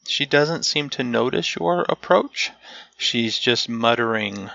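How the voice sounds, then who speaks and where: Slow, gravelly game master on a lo-fi mic. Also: male voice, mid-range voice, expressive, bright, forceful tone, no echo. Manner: unhurried, searches for words aloud. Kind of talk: narrating a tabletop game.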